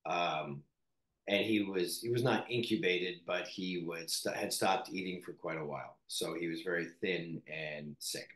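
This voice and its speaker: A man from Canada, an actor, speaking candidly in an interview in a reflective, halting way with many fillers and restarts. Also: low voice, fairly bright tone, reverberant.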